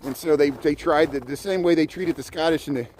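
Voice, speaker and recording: A man's voice: a little high, brisk, darkish tone, slight background noise. An American man rambling casually while he livestreams a walk outdoors through city streets, talking to his viewers as he goes. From United States. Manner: chatty, digressive, talks while walking.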